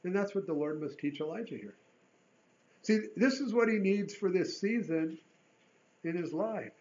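A man preaching a sermon in an earnest way, rising to emphatic bursts and dropping to a hush. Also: high voice, moderate pace, dull audio.

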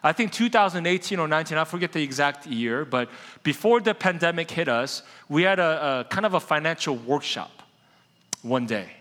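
A man preaching a sermon as pastor, an animated storyteller who slows down to stress key points, in a church sanctuary. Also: a little high. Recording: long hall reverb.

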